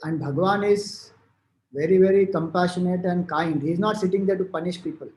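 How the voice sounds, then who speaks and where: This spiritual teacher speaks in a high, darkish voice at a fairly quick clip, his accent Indian English. Loose and storytelling in manner, he explains scripture and recounts old tales, stumbling into fillers and restarts, all in a room with noticeable echo.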